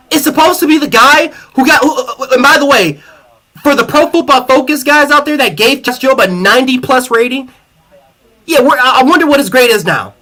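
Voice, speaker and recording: A man's voice: very high voice, pushed and bright. Heated man ranting about football. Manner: angry, profane, repeats himself. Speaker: sports livestream host. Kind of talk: heated fan reaction rant.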